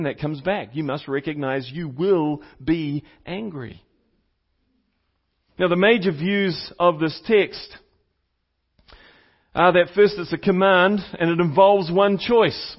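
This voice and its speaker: A man with a high voice preaches a teaching sermon. He repeats his main points and puts questions to the congregation. The recording sounds slightly dull and lo-fi. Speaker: pastor.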